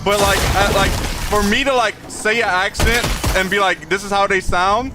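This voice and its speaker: Young male streamer, casual and talkative, reads chat and laughs a lot; light, high voice. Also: steady tone, normal speed, background noise. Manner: chatty, reads chat aloud, laughs often. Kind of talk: live gameplay commentary.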